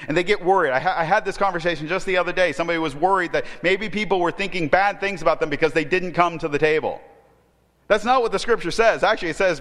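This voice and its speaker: A man preaching a sermon as pastor, animated, moving from quiet explanation to emphatic outbursts. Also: on the high side, fast. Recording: long reverb of a hall.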